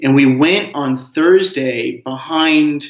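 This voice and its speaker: A man's voice: on the high side, slow. A man, a comics writer as a guest, telling a rambling, joking story in a casual interview. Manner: rambling storyteller, animated jokes. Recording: roomy, dull lo-fi sound.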